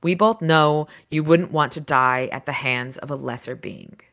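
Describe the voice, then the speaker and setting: A menacing, gloating male sorcerer's ghost from a fantasy novel, drawling slow threats in a low voice, as a woman reading aloud puts him on. The delivery is calm and unhurried, with a smug edge. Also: gravelly, full character voice.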